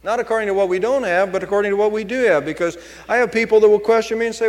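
A man's voice: high voice, racing, a little mellow, long reverb tail. A man preaching a sermon as pastor, driving points home with emphatic repetition.

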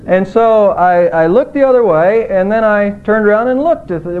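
Man, pastor, sermon, high voice, thin phone-like sound. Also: animated, normal speed, few pauses, clean tone. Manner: earnest preaching, emphatic rises on quoted words. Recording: tinny phone-like audio.

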